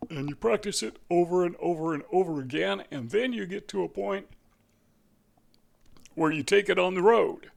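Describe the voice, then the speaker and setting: Gravelly high-voiced man giving advice. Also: moderate pace. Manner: earnest, searches for words, numbered points. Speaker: channel host. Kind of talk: talking-head advice monologue.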